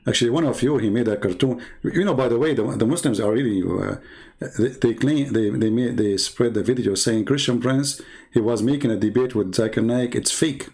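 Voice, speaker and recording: A man hosting an online debate show in a sarcastic, halting monologue. His pitch sits in a middling range, and he peppers his mocking remarks with "you know" and "like". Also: a little mellow. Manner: mocking, halting, full of fillers.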